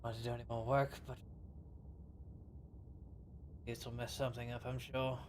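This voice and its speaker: A man's voice: mid-range voice, flat delivery, moderate pace, a little hiss or hum. A man playing his character in a tabletop game, profane and playful. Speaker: player. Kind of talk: tabletop role-play in character.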